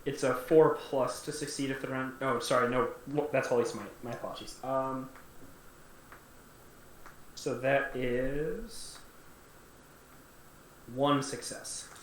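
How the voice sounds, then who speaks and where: A man playing a tabletop game, stating his actions and rolls in an unhurried, hesitant way. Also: mid-range voice, steady tone. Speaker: player. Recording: roomy echo, faint noise.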